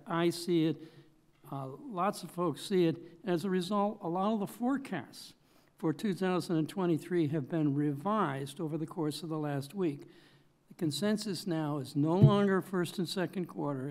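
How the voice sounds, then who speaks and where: A man's voice: on the high side, darkish tone. A middle-aged man giving expert economic testimony at a public hearing, talking with many fillers and self-corrections.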